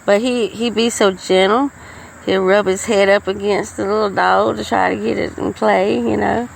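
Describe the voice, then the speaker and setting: A woman's voice: mid-range voice, fairly even intonation, normal speed, vocal fry, a little hiss or hum, poor audio. A middle-aged woman telling folksy, rambling stories as a podcast host. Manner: rambling, folksy, with frequent restarts. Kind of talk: casual storytelling monologue.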